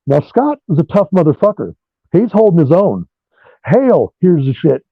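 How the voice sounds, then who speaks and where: A man, a rock guitarist being interviewed over a remote call, telling animated stories and swearing freely. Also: a little high, moderate pace, husky, no room sound. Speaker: guitarist guest. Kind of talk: profane storytelling interview. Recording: dull lo-fi dry sound.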